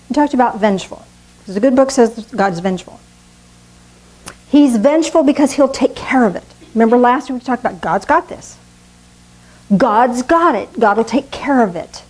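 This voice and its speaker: A woman preaching a sermon, slow and earnest, with dramatic pauses. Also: on the high side, darkish tone, low-quality recording. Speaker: pastor.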